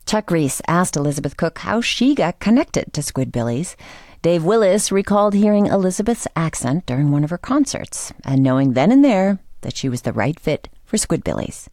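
Host: measured woman narrator, warm low voice, dry booth. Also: very animated, no room sound. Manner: measured, clear. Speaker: radio host. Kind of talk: scripted radio narration.

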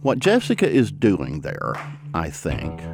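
A man's voice: slow pace, music in the background. A man narrating a radio story, reading a script in a conversational tone. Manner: conversational, expressive pitch. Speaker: radio reporter, host.

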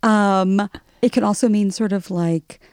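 A woman's voice: mid-range voice, steady tone, a little slow, a little mellow, clear, resonant tone, dry recording, studio quality. A woman from the American South, an author guest on a radio interview, telling stories in a playful way with frequent laughter. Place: radio studio. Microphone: studio mic.

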